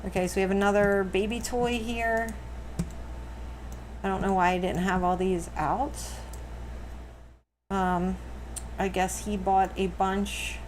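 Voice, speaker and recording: A woman's voice: level tone, takes it slowly, pauses often, slight background noise. A middle-aged woman casually chatting as she plays a life simulation game on stream, cooing at her frightened cats now and then. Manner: chatty, talks to her pets in a high coo. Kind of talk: casual gameplay stream chat.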